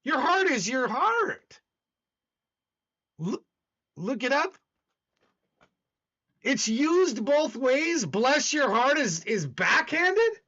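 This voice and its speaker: He's a livestream host from the American South, high-pitched and bright with a Southern accent, whose pitch leaps around in a sing-song way as he draws out words and leaves long pauses. He rambles, argues, and talks back to chat over slightly dull, lo-fi audio.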